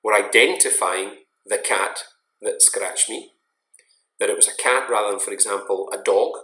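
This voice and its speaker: A man giving a recorded online lecture in a measured, explanatory way, stressing key words. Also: lowish voice, bright, forceful tone. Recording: roomy echo.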